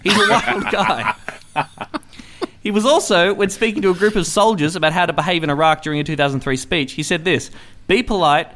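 A man runs a satirical comedy podcast in a slightly high voice. He talks in a sarcastic, mock-earnest way and keeps chuckling through his own jokes. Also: steady tone, a little fast, fairly bright tone.

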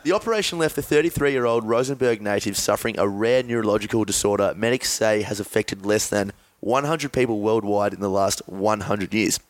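A man's voice: lowish voice, brisk, few pauses, no room sound. Wry man hosting a podcast. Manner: wry, jokey delivery. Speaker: podcast host. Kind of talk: casual podcast banter, reading news bits.

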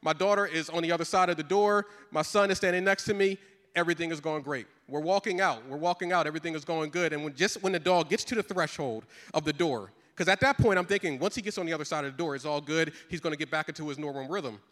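Fast, animated man preaching in a hall. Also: fairly high pitch. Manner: animated, comic storytelling with repetitions. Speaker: pastor. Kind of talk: sermon storytelling.

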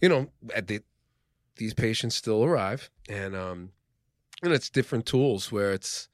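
A man's voice: fairly low pitch, animated, measured pace, dry recording, clean studio sound. A man co-hosting a casual podcast, speaking in an earnest, thoughtful way with many fillers.

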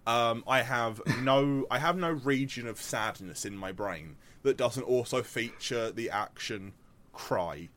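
A young man co-hosting a podcast in relaxed, casual chat. He rambles from tangent to tangent, stacking up fillers and false starts as he tells his stories. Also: mid-range voice, takes it slowly. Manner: rambling, tangent-prone, with many fillers and restarts. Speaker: podcast co-host.

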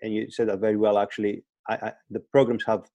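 A guest fitness coach speaks quickly in a low, mellow, level-toned voice during a casual podcast interview over a remote call. He's hesitant, often restarting and repeating words. The audio is dry with the highs cut off, and the line keeps breaking up.

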